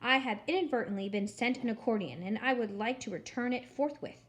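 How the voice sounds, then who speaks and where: A woman voicing a stern, prim older woman who hates frivolity, in crisp, clipped, indignant tones. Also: fairly high pitch, a little fast, close to an everyday voice.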